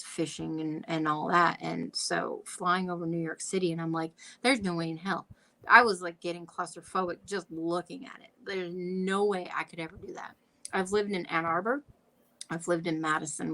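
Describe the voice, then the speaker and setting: A woman's voice: on the low side, flat delivery, normal speed, gravelly, bright, forceful tone, poor audio. Blunt, swearing woman from the Upper Peninsula. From Michigan's Upper Peninsula. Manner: blunt and swears freely, laughs often. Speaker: vlog host. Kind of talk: casual chat.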